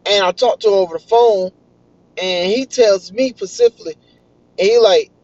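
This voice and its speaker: A young man, excitedly telling a story in casual vlog style. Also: high-pitched, normal speed. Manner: excitable, animated retelling. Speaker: vlogger. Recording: dull, lo-fi dry recording.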